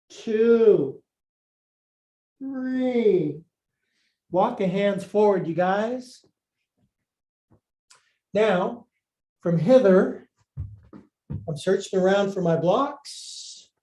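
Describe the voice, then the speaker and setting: A man teaching a live yoga class, his voice sitting high but mellow and unhurried. He cues each pose with goofy asides and runs a bit short of breath as he moves along with his students. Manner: playful, jokey cueing of poses.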